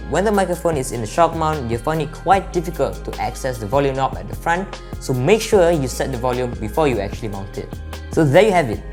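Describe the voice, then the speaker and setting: A man giving a casual product review, explaining things in a chatty way and addressing viewers as you guys, recorded close on a studio microphone. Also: medium pitch. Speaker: tech reviewer.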